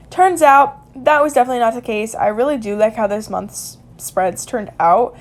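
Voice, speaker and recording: A woman's voice: fairly high pitch, normal speed, few pauses. A young woman casually narrating a journal-drawing vlog in a chatty way, with lots of fillers and little laughs. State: hiccups. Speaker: vlogger.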